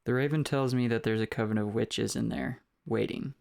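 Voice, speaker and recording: A man's voice: mid-range voice, steady tone, moderate pace, creaky, a little mellow. A man at a tabletop game, talking casually in a mid-range voice. He asks the table questions and now and then loses his words before finding them again. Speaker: player.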